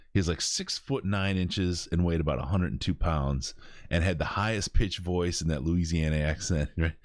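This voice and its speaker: A man hosting a podcast, telling stories in an animated way and laughing as he goes. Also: sits low, no echo, clean studio sound. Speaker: podcast host. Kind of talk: casual storytelling.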